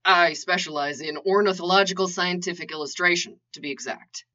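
Woman reading as relaxed lower man, hesitant, bright tone, dull lo-fi sound. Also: fairly quick. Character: calm, easygoing man, ex-assassin turned illustrator. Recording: lo-fi dull recording.

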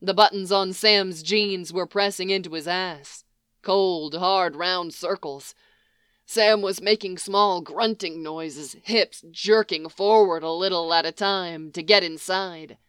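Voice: medium pitch, steady tone, slow pace, a bit bright, clear, resonant tone, dry recording, clean studio sound. A narrator reading a story aloud with wry, emphatic delivery. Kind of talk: audiobook reading of fan fiction.

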